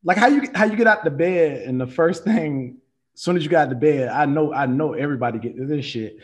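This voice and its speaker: A man in his thirties chatting casually as a podcast co-host, animated and profane, acting out what people say. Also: on the high side, a little fast. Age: 30s. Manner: animated, profane, acts out quoted lines. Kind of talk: casual chat.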